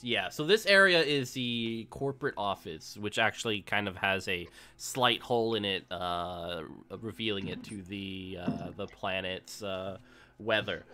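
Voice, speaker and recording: A man acting as game master, narrating a tabletop horror game in an unhurried way with many pauses. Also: on the low side, pushed and bright. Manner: unhurried scene-setting with frequent "uh" pauses.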